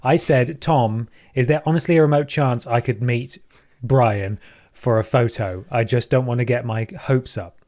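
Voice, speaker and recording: A man hosting a casual comedy podcast, chatty and excitable with quick asides. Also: mid-range voice. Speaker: podcast host.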